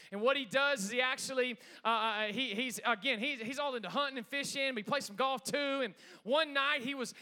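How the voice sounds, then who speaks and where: Pastor, male, high bright voice, energetic sermon with call-outs to the room. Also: clean tone. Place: church sanctuary with congregation.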